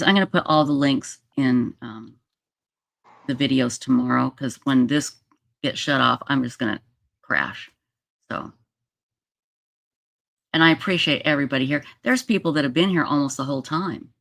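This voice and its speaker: A livestream host talks casually in a rambling, relaxed way, often trailing off. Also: mid-range voice, normal speed, creaky, long pauses, no room sound.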